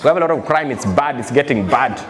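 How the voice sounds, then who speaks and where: A man's voice: medium pitch, expressive, fast talker. Ugandan man doing stand-up in a roomy hall. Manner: storytelling with quoted voices, repeated "I said". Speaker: stand-up comedian. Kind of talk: live stand-up comedy. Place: live comedy venue with a laughing audience. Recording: roomy live hall with crowd noise.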